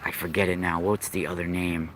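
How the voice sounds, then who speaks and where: A man's voice: sits low, little pitch movement, fairly quick, background noise. A man hosting a podcast, telling old myths in a rambling, unscripted way, often restarting and searching for words. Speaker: podcast host. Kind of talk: casual monologue on myth and occult lore.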